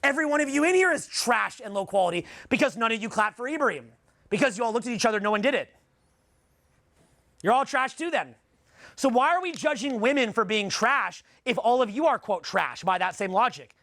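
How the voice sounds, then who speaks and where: Very high-pitched, gravelly Canadian man. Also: animated, brisk, pushed and bright, dry recording, studio quality. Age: 40s. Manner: profane, blunt, rhetorical questioning of the audience. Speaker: seminar speaker. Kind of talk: live seminar talk to a room.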